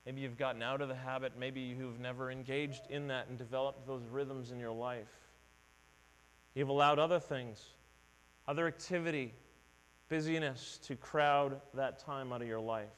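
Recorded in a church sanctuary with long hall reverb and mains hum, a middle-aged pastor preaches earnestly and conversationally, acting out the voices he quotes. He speaks at a moderate pace with medium pitch, fairly even intonation, and a smooth, fairly bright tone.

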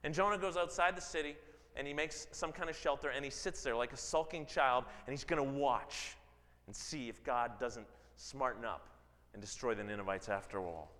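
A man preaching a sermon, dramatic, swinging from loud emphasis to low, quiet stretches. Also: normal speed. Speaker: pastor. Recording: long hall reverb.

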